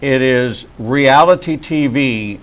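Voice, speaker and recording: A man's voice: medium pitch, slow pace, low-quality recording. A man who is a rabbi hosts an interview in a friendly, emphatic, conversational way.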